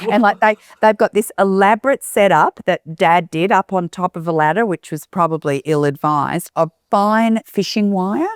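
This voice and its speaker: A woman's voice: mid-range voice, normal speed, hardly any pauses, clear, resonant tone, no room sound, studio quality. A woman hosting a podcast, telling long rambling stories with many restarts in casual chat. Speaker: podcast host.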